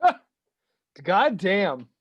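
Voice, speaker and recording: Young male player, high voice, dry close sound, playful jokes. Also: very animated, very slow, breathy edge, no room sound, muffled recording. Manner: joking, playful. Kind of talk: casual tabletop role-play.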